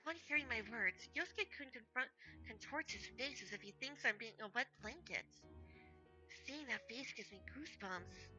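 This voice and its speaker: A woman streamer reading a game's story text aloud in a let's-play, expressive and animated. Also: on the high side, moderate pace, lo-fi sound, soft background music. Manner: expressive, breaks into laughter.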